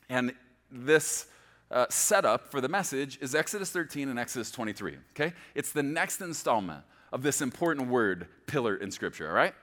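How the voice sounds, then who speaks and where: Animated, bright-voiced male pastor preaching. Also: medium pitch. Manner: animated, emphatic, speeds up and slows down for stress; checks in with the congregation, repeating "okay?". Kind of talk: sermon.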